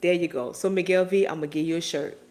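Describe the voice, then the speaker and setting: A woman's voice: lowish voice, steady tone, fast talker, darkish tone. A woman in her forties hosting a casual live stream, reading viewer comments and answering them in a playful, teasing and profane way. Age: 40s.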